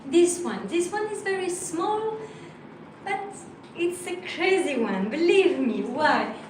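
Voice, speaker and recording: A woman's voice: extremely high pitch, lively intonation, slow pace. A woman from France with a French accent, teaching a live language lesson and patiently spelling out letters. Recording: very echoey room, mic far off, faint noise.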